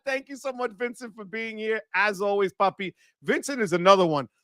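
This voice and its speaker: Male live stream host, high and bright-toned, dry close sound, energetic shout-outs to viewers. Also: a little fast, no echo. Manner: enthusiastic, shouts "wepa" often.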